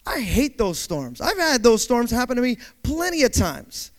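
A male preacher with a strikingly high voice that swings widely between soaring peaks and low, quiet asides. He tells his story dramatically, questions the listeners directly and acts out moments with vocal sound effects. His delivery stays animated and theatrical throughout. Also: moderate pace. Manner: speaks directly to the congregation, asking questions. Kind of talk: sermon with personal storytelling.

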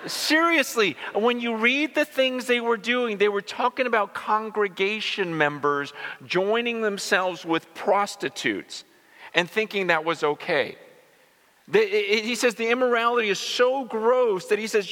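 A male pastor preaches with a high, bright, forceful voice. He talks in an animated way, stumbling over repeated words and slipping into the voices of the people he quotes. The sound rings out with the long reverb of a large church hall. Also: measured pace. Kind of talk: sermon.

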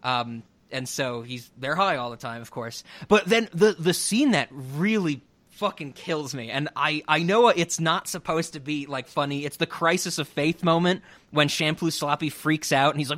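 A man's voice: a little high, lively intonation, moderate pace, a bit bright. A man co-hosting a casual podcast chat, rambling and laughing often as he talks. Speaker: podcast co-host.

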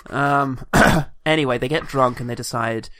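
A man co-hosting a relaxed film chat, joking and laughing often as he talks. His voice sits at a middle pitch and is recorded dry and close. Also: unhurried, dry recording. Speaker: podcast co-host. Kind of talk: casual film review chat.

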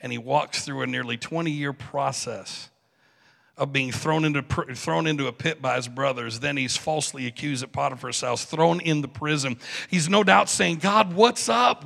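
A man preaching a sermon in a church with animated delivery, acting out biblical figures with joking asides. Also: mid-range voice, vocal fry. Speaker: pastor. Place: church sanctuary. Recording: reverberant church hall.

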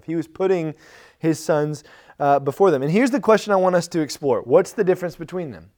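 A man's voice: on the high side, expressive, brisk, a little mellow. Casual-sounding male pastor preaching. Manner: casual, conversational preaching with fillers and restarts. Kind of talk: sermon.

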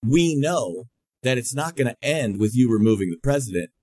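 A man's voice: medium pitch, expressive, normal speed, mellow. An older man hosting a heated political talk show, blunt, mocking and defiant. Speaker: host.

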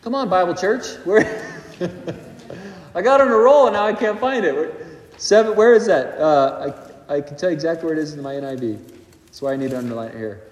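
A man preaching a sermon as pastor, animated, swinging between loud passages and quiet asides. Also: on the high side, a little fast, long pauses. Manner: animated preaching, rising and dropping in loudness. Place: church hall. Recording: echoey hall recording.

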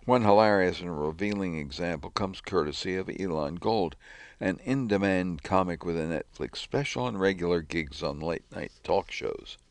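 Deep-voiced man reading the news. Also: moderate pace, dry recording. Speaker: reader of news articles.

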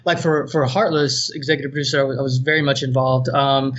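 A man's voice: mid-range voice, level tone, quick pace, a little hiss or hum. A man with a North Carolina Southern accent, rambling with many restarts as a film producer guest in a casual podcast chat. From North Carolina, USA. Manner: rambling, stammering restarts, self-deprecating. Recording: dull lo-fi sound.

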